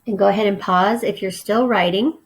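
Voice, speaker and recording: A woman's voice: medium pitch, steady tone, poor audio. A woman teacher giving a recorded vocabulary lesson, spelling each word letter by letter and explaining its meaning. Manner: slow, spells words letter by letter.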